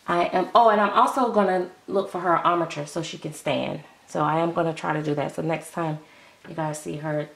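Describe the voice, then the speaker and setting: A middle-aged woman chats away to her viewers in a relaxed, casual way, her lowish voice full of gravelly fry. She is recorded at home on the camera's own mic. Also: echoey room. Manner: chatty, talks to the viewers. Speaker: doll collector vlogger.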